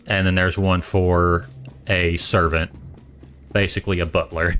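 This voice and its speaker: A man's voice: low-pitched, level tone, measured pace, a bit bright, a little hiss or hum. A man with a Boston accent chatting casually on a stream, rambling and correcting himself as he goes. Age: adult parent.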